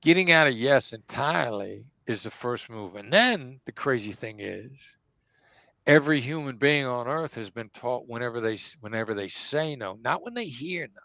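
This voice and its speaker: A man's voice: mid-range voice, expressive, normal speed, gravelly, bright, forceful tone, no room sound. Man, negotiation expert, emphatic, acts out examples, dull dry recording. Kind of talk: interview answers, teaching.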